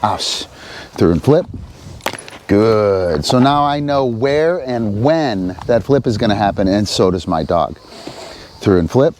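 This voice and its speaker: A man's voice: lowish voice, animated, takes it slowly, a little mellow, a little hiss or hum. A man explaining dog training step by step while giving his dog short cues and praise. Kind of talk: hands-on training demonstration.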